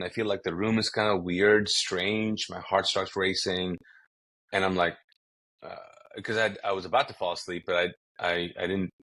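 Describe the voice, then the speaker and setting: A man's voice: low voice, a bit bright. A man from Kuwait, a pastor guest on a podcast, telling his story vividly and often restarting his sentences. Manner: vivid storytelling with acted-out quotes and frequent restarts. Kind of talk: conversational testimony storytelling.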